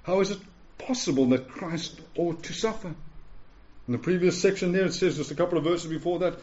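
A man's voice: high voice, fairly quick, a little mellow. A man preaching a sermon in an earnest, pleading way, often asking his listeners "yeah?". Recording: dull lo-fi recording.

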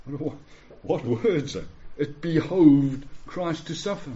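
A man's voice: on the high side, a little slow, dark tone. A man preaching a sermon in an earnest, pleading way, often asking his listeners "yeah?". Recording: dull lo-fi recording.

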